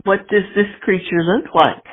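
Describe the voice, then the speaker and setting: A person answering a phone call, speaking softly and slowly while humoring the caller. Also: mid-range voice, steady tone, slightly rough. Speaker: call receiver. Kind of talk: phone conversation. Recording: tinny phone line.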